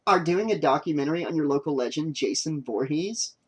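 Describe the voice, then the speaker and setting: A man's voice: fairly high pitch, animated, fairly quick, husky. A man reading an audiobook, voicing an irritable young woman making a documentary, curt and exasperated. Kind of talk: audiobook character voice.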